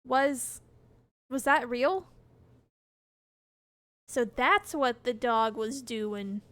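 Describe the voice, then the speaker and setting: High-voiced woman streamer reading a game aloud. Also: drawn-out words, fairly bright tone, no echo. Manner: reactive, laughs often, swears, reads narration aloud. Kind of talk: live gameplay commentary, reading game text aloud. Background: game music.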